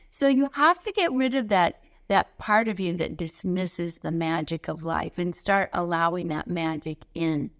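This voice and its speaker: A woman giving a motivational spiritual talk, telling stories animatedly and lifting her voice on key points. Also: on the low side. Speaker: spiritual teacher.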